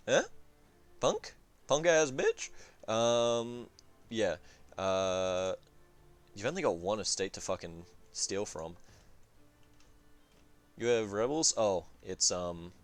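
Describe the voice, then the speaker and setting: A man casually reviewing a strategy game campaign, rambling and swearing, with lots of fillers and restarts. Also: lowish voice. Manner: rambling, profane, full of fillers and self-corrections.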